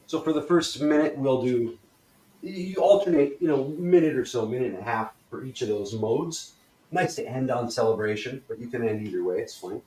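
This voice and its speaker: A man's voice: mid-range voice, moderate pace. A man teaching movement exercises in a loose, profane way, talking learners through each step. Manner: loose and profane, acts out worry and whooping excitement. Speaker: movement instructor. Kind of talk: guided exercise instruction. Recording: echoey room, voice from off-mic.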